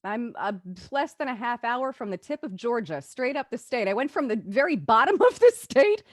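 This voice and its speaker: A woman's voice: fairly high pitch, very animated, moderate pace, no echo, studio quality. A woman hosting a casual interview, reacting briefly and laughing often. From United States. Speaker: talk show host.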